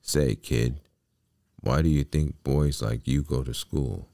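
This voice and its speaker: Storybook coachman, a man voicing him: sly, coaxing, very deep and gravelly. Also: slow, dark tone, no room sound, clean studio sound, full character voice. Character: sly male coachman luring a boy.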